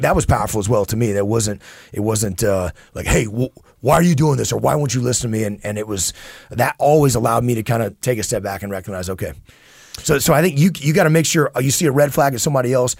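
A man in his thirties talks things through on a podcast in an earnest, halting way, doubling back on his words as he thinks. His voice is husky and a little breathy. It sits close and dry on the mic. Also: medium pitch, a little mellow, no room sound. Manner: earnest, many restarts and repeated words. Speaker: podcast co-host. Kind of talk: casual conversation.

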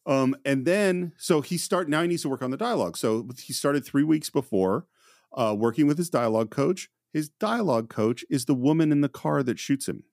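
A man co-hosting a film podcast, telling behind-the-scenes stories in a casual, animated way and acting out quotes. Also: on the high side, normal speed, vocal fry, no echo, clean studio sound. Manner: animated storyteller, acts out quotes. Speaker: podcast co-host.

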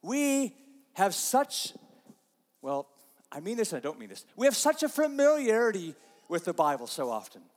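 A pastor giving a conversational sermon, dropping to soft, slow asides and rising to loud, emphatic lines. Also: male voice, high voice, huge pitch swings, long reverb tail. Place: church sanctuary.

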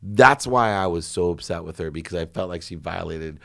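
Deep-voiced earnest middle-aged man. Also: moderate pace, gravelly, fairly bright tone. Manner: earnest, confessional storyteller who acts out his own quotes. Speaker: podcast guest, speaker. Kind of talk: casual interview chat.

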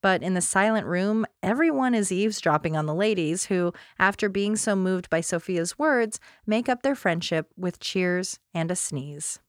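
A woman's voice: mid-range voice, lively intonation, normal speed, few pauses, dry recording. Woman host, wry commentary, dry close-miked sound. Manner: wry, conversational, laughs often. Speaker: podcast host. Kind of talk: scripted commentary, then casual chat.

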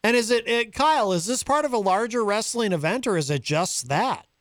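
A man's voice: high voice, expressive, a little fast, fairly bright tone, dry recording. A man hosting a talk show in a studio, chatting with guests, reading listener messages aloud and laughing often. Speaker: radio talk show host. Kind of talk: casual studio banter.

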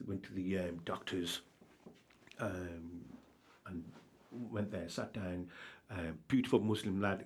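A charity director speaks in a low, slightly rough voice during an interview, telling his story candidly and earnestly. He rambles and keeps making sure he's followed, asking "do you understand?"

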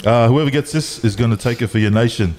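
A man's voice: medium pitch, quick pace, darkish tone, slight background noise. A man co-hosting a casual podcast, running a quiz in a playful, teasing way. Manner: playful, teasing, laughs often. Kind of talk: casual chat.

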